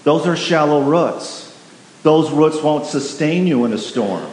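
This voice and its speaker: A pastor preaching a sermon, emphatic and repetitive, putting questions to the congregation. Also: male voice, on the high side, animated, measured pace, a little mellow. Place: church sanctuary. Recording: echoey hall with faint hiss.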